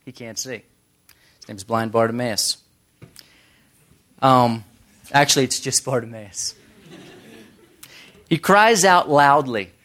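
A man preaching a casual sermon who tells stories and briefly acts out the crowds. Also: medium pitch. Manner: conversational, animated storytelling with quick voices for crowds. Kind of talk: casual sermon with acted-out scenes.

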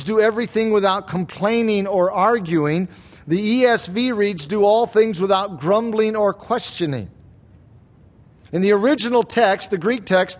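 Male pastor, sermon delivery, high-pitched and measured, leans into emphasis with slow phrasing.

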